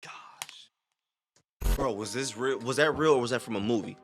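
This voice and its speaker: A young man hosting a reaction video, excitable and slangy, sometimes dropping to a near-whisper. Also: mid-range voice, normal speed, soft background music.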